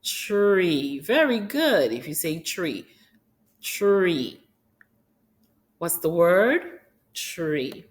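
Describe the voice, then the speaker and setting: Lady teacher going really slow, sounding out letters one by one, lowish voice. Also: big pitch swings. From Haiti. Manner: sounds out letters one by one and repeats each word. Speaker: phonics teacher. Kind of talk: slow phonics drill for young children.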